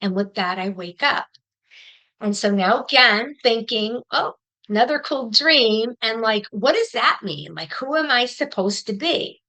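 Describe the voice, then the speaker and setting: A middle-aged woman tells her story to a listening audience at a quick, lively clip. Her voice sits a touch high and rings bright and forward, and she gives each turn of the tale plenty of expression. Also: low-quality recording. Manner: fast-talking. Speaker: psychic medium giving a talk.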